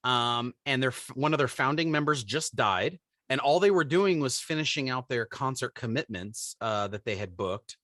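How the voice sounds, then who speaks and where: A man in his forties telling a story on a podcast in casual chat, animated and acting out the voices of people in it. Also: mid-range voice, normal speed, hardly any pauses, no room sound, studio quality. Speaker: podcast co-host.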